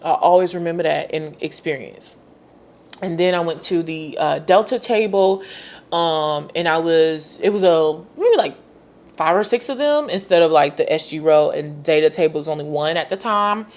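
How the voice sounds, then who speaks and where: A young woman in her twenties tells a personal story as a podcast host, with a voice that sits low for a woman. She talks in a chatty, slangy way and leaps way up in pitch whenever she acts out what someone said. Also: normal speed. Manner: animated, acts out quoted dialogue with sharp pitch jumps.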